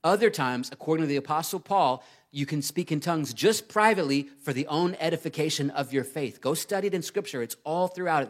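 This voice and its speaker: A man in his thirties preaching a sermon, earnest and emphatic, rising to loud urgency and dropping low to read scripture. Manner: earnest and emphatic, swings between loud urgency and quiet reading. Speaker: pastor.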